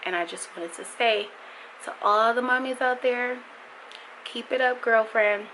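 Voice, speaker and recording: A young woman talks to her camera about raising her son, frank and emotional, with a bright, forward voice. A light background hum sits under her words. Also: a little high, measured pace, low-quality recording. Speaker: vlogger, mother. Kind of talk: candid vlog monologue.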